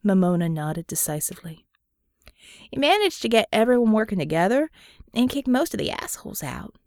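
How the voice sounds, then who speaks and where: A woman narrating an audiobook in a wry, even storytelling manner. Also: mid-range voice, a little fast, no room sound, clean studio sound. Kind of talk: scripted narration.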